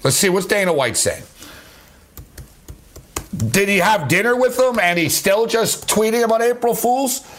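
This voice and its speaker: A man's voice: high voice, lively intonation, a little slow, pauses often, a bit bright, slight background noise. A man hosting a late-night sports talk radio show, ranting angrily and sarcastically.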